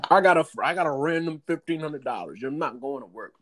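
A young man in casual chat telling a story in an animated, profane way. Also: brisk. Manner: animated, profane storytelling with raised-pitch quotes.

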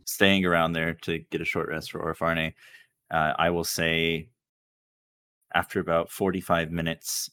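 A man narrating as game master of a tabletop game over a video call, relaxed and chuckling, with frequent fillers. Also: low-pitched.

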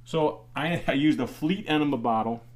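A man's voice: a little high, normal speed. An older man, a former athletic trainer, telling stories in casual chat with many restarts and laughs. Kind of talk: casual storytelling in a group chat.

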